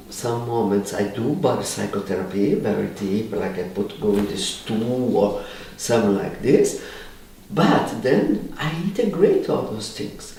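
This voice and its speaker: Man, gravelly voice, animated halting english, interview answers, distant mic. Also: on the low side. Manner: animated, halting English filled with "you know". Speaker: body psychotherapist and training lecturer. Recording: roomy, distant mic, faint background noise.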